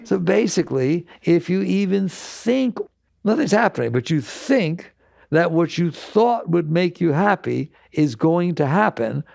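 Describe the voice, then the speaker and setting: A man's voice: on the high side, creaky, a little mellow, dry recording, clean studio sound. A man giving a spiritual talk to an audience, emphatic and repetitive, asking rhetorical questions. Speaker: spiritual teacher.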